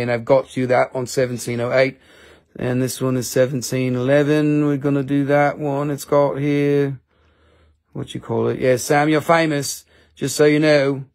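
A man's voice: medium pitch, a little mellow. A man hosting a live selling stream, bantering and joking with viewers.

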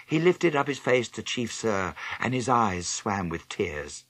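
A man narrating an audiobook with expressive storytelling. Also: on the low side, measured pace, dry recording. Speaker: audiobook reader. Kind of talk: scripted narration.

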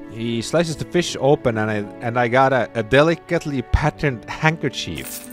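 A man giving loud, excitable gameplay commentary that swears and shouts when something startles him. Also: mid-range voice, normal speed, faint music behind. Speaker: gameplay streamer.

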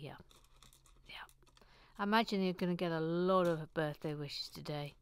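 Slow, smooth-voiced playful woman. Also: fairly low pitch, fairly bright tone. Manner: playful and rambling, breaks into silly sung jingles. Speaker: host. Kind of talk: casual livestream chat while building Lego.

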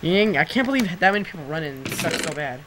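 A teenage boy chatting casually while gaming with a friend, excitable and quick to shout, his throat sore from screaming. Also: fairly high pitch, heavy background noise. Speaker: gameplay commentator. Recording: loud keyboard typing and clicks.

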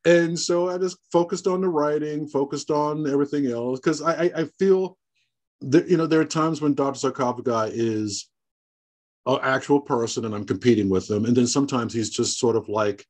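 A man from the American South, guest on an interview, telling lively stories and acting out the people in them. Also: medium pitch, moderate pace. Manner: animated storyteller, laughs often, acts out quoted dialogue. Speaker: guest, horror host. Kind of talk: casual interview storytelling.

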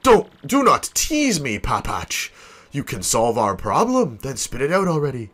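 Pompous boastful captain, voiced by a man: grandiose, drawn out, animated. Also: mid-range voice, unhurried, heavily acted. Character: pompous flamboyant male ship captain.

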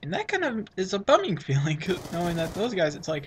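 A man's voice: sits high, huge pitch swings, a little fast, a little hiss or hum. A teenage boy giving rambling, self-mocking commentary over his own gameplay, sniffling from a runny nose. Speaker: gaming channel host.

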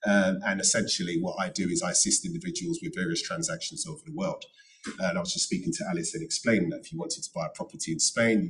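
A middle-aged man with a lowish voice speaks on a panel at a careers event. He gives earnest, emphatic advice and drives points home by repeating them. He is picked up from a little way off the microphone, so the voice sounds distant in the room. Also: creaky, fairly bright tone. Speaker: panel speaker, notary and former solicitor.

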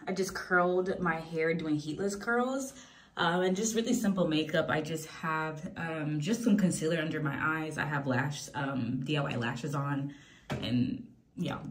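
A young woman telling a funny travel story to her phone camera, animated and full of fillers. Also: sits low, a little hiss or hum. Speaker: vlogger.

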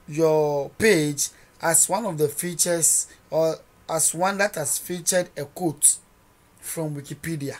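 Coding tutor, measured slow delivery, narrates each edit aloud, quizzes listeners with rhetorical questions. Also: mid-range voice. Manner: narrates each editing step as they go. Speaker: coding instructor. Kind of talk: screen-recorded coding tutorial.

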